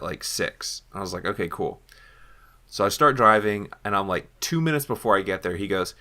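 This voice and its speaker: Young male co-host, low gravelly voice with a bright edge, lively storyteller. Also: fairly quick. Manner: animated storyteller acting out quoted lines. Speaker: podcast co-host. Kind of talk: casual chat.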